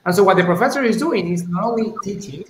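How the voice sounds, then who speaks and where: A man's voice: high-pitched, fast talker. A man, answering questions in a live-streamed interview, talking thoughtfully with many restarts and asides. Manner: thoughtful, many restarts and "you know", "right?". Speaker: university leader, interview guest. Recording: roomy echo, faint ambient noise.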